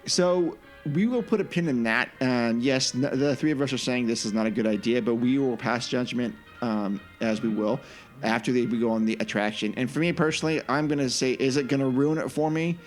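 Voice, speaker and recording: A man co-hosting a podcast in casual chat, animated, often restarting his sentences. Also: medium pitch, brisk, soft background music. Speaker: podcast co-host.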